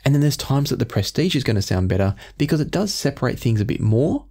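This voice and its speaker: A man reviewing earphones in measured talk, often qualifying his claims. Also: mid-range voice, big pitch swings, mellow. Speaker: audio gear reviewer.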